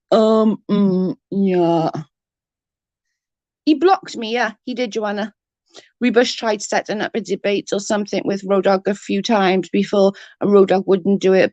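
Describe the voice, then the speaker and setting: A woman's voice: mid-range voice, a little mellow, no room sound. A woman, ranting bluntly and mockingly as an online commentator, full of profanity. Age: 30s. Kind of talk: ranting live-stream chat.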